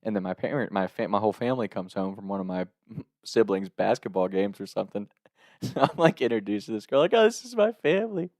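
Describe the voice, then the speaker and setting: A man telling a funny personal story in a casual, animated way, laughing often and swearing freely. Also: lowish voice, fast talker, dry recording, clean studio sound.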